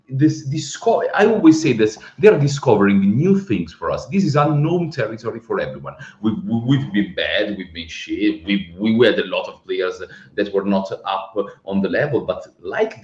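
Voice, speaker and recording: A man co-hosting a football podcast over a video call, his voice lively and swinging in pitch as he makes his points. He sounds a bit dull and roomy, as if he were in an echoey space. He talks emphatically and often repeats himself. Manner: animated, emphatic, repeats words when stressed. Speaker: podcast co-host. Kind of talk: casual football podcast chat. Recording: roomy, slightly dull remote audio.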